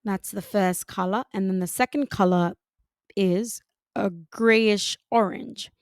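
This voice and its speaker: Woman, design tutorial voice-over, calm step-by-step, unhurried, dry close mic. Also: mid-range voice, no echo. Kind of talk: screen-recorded software tutorial.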